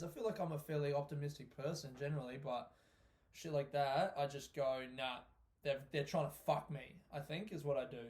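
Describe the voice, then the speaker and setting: Brief: male comedian, solo podcast rant, animated and sweary, voice sits a bit high. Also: a little fast. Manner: animated, heavy swearing, frequent laughter. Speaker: stand-up comedian hosting his own podcast. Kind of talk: casual solo podcast monologue.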